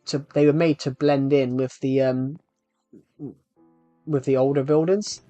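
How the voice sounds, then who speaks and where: A man in the middle of his stream, talking loosely and wandering from point to point as he turns to his viewers. His voice sits at an ordinary pitch and is picked up dry and close. Soft music plays faintly underneath. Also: steady tone, unhurried, no room sound. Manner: rambling, addresses viewers directly. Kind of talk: casual live-stream chat while gaming.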